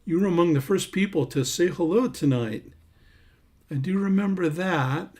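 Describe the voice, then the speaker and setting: A high-pitched man speaking at normal speed, this singer-songwriter runs a casual livestream. He chats in a warm, rambling way and reads viewer names from the comments as he scrolls.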